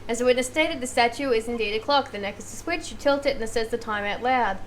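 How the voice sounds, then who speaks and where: A woman with an Australian accent voicing a calm male prosecutor in a video game, speaking quietly and evenly. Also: a little high, fast talker, slight background noise, close to an everyday voice. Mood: measured.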